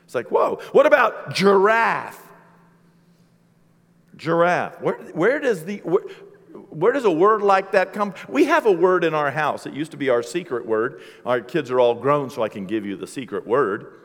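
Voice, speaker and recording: A middle-aged male pastor preaching a sermon with animated, humorous storytelling. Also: on the high side, moderate pace. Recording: long hall reverb.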